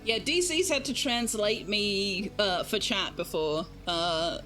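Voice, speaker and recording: A woman's voice: mid-range voice, takes it slowly, few pauses, a bit bright, soft background music. An Australian woman streaming a game, chatting casually with her viewers and enunciating carefully. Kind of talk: casual gaming stream chat.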